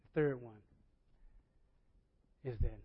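A man's voice: medium pitch, slow, slightly rough, muffled recording. A male pastor delivering a sermon conversationally, often checking in with the congregation.

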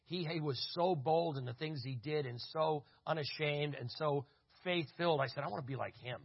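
A man's voice: a little high, normal speed, breathy edge. A man speaking at a church conference, telling stories in a sermon and acting out what people said. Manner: animated storyteller acting out dialogue. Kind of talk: storytelling sermon. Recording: dull lo-fi audio.

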